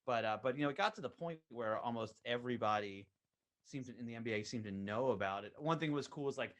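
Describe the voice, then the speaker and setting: A man chatting as a podcast guest about his animated show, rambling with lots of fillers and restarts. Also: medium pitch, quick pace. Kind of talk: casual podcast chat.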